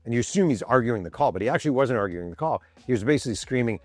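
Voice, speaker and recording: A man in his fifties, a podcast host telling a sports story from his office with animated energy, acting out the quotes and swearing casually. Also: medium pitch, very fast, few pauses, no echo. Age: 50s. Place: home office.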